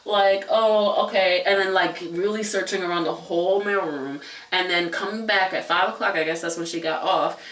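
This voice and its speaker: A man's voice: high voice, brisk, hardly any pauses, bright, forceful tone, far from the mic. Chatty man telling a story, echoey room. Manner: chatty, many "like" fillers, swears. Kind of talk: casual storytime chat. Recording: echoey room, voice away from mic.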